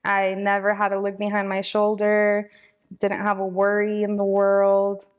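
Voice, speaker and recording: Young woman speaking with a flat, even tone. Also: medium pitch, unhurried, clear, resonant tone, muffled recording. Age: 20s. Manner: casual, heartfelt, many fillers like "like" and "um". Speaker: interviewee, victim's daughter. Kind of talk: emotional personal interview.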